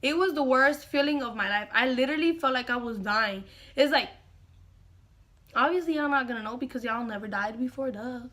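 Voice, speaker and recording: Bright, high-voiced young woman telling a story. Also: a little fast. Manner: animated, slangy, says "bro" often. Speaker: vlogger. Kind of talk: casual storytime.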